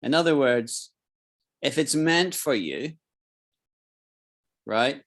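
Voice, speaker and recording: A man's voice: medium pitch, animated, fairly bright tone. Scottish man teaching an English lesson. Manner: explains slowly, repeats phrases, checks for understanding. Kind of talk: live online English lesson.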